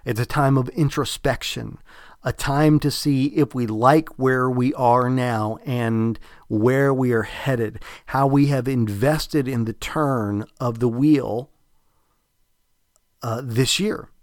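A man's voice: medium pitch, slow, dry recording. A man with a Southern US drawl talks through a podcast episode in a loose, reflective ramble, full of fillers and false starts. His voice sits in a middle register. The recording is close and dry, with no room sound. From American South. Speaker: podcast host. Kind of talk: casual spiritual podcast talk.

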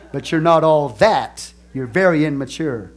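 A man preaching a sermon as pastor, animated, swinging between soft asides and loud exclamations, stretching key phrases slowly. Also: a little high. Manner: laughs and asks the congregation questions.

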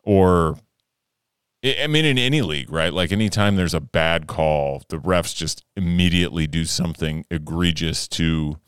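A young man co-hosting a podcast, chatting casually and telling stories, animated and swearing freely, shouting when he acts out his anger. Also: low-pitched, normal speed, clean tone, no echo, clean studio sound. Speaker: podcast co-host. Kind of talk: casual chat, storytelling.

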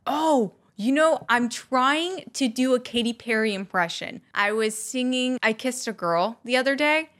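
A young woman telling animated, self-mocking stories to her viewers. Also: fairly high pitch, moderate pace, hardly any pauses. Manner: animated, self-mocking, acts out quotes in loud squeals. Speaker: vlogger. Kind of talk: casual storytelling to camera.

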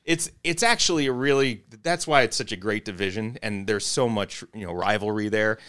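A man hosting a casual sports chat, animated, laughing often and breaking off his own sentences. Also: lowish voice, a little fast, smooth.

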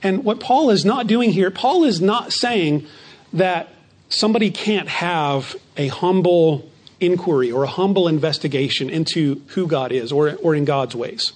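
A man preaching a sermon as pastor, slowing down to stress key phrases and often repeating words as he starts a thought. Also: on the high side.

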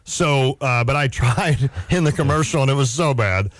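A man hosting a sports radio show, chatting casually with self-deprecating quick asides into a studio mic. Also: mid-range voice, animated, dry recording.

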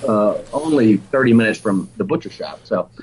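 A man with an Alabama accent talks easily as a guest on a podcast. His voice is husky and breathy at the edges. He rambles in a friendly, slangy way, full of "man" and "dude". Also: on the low side, normal speed, rough recording. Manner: animated and laid-back, sprinkled with "man" and "dude". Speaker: competition barbecue pitmaster, guest. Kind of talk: casual podcast interview.

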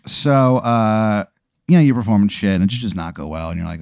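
A man's voice: on the low side, expressive, a little fast, mellow, no room sound, clean studio sound. A man improvising an absurd second-person story, rambling and profane with many fillers. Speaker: comedy podcast host.

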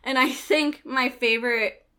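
A woman's voice: high-pitched, fairly even intonation, a little slow, bright, forceful tone, smooth. A woman co-hosting a casual podcast chat, chatty and enthusiastic, with laughing asides. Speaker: podcast co-host.

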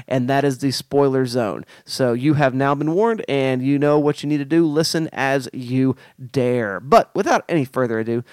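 A man from Oklahoma co-hosting a casual film analysis podcast, animated and jokey with playful asides. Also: mid-range voice, no echo, studio quality. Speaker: podcast co-host.

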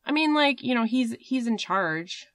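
A woman's voice: on the high side, animated, measured pace, a bit bright, dry recording. A woman hosting a podcast, telling a story in a rambling, casual way with fillers and swearing. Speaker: podcast host.

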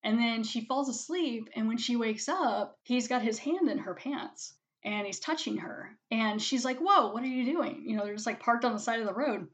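A woman giving a casual spoken movie review, chatting with lots of "like" and acting out characters' lines in quick quotes. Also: on the high side.

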